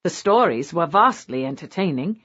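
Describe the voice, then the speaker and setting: A woman narrating a romance audiobook in a scripted style, with a lively, varied delivery. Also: sits low, moderate pace. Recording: dull lo-fi audio.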